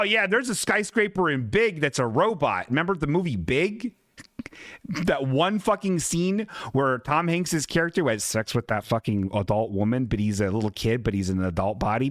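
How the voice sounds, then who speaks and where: A man's voice: mid-range voice, a bit bright, dry recording. Guy hosting a stream, bouncy up-and-down voice, rambly and sweary, dry close sound. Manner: rambling, self-deprecating, heavy swearing. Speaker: podcast host. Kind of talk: casual live-stream chat.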